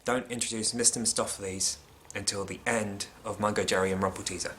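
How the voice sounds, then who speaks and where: A man vlogging a casual, opinionated critique with a wry tone, often dropping into hushed asides. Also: lowish voice, steady tone, brisk, a little hiss or hum. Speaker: vlogger reviewing a film.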